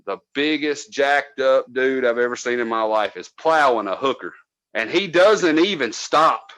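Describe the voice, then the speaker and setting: A man in his own casual storytelling voice, mid-pitched and swearing freely. The sound is dry and close to the mic, with no room around it. He gets loud and animated whenever he quotes someone. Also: a little slow, no echo, poor audio. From North Georgia. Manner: profane, animated, acts out quotes loudly. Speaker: podcast co-host, former cable tech.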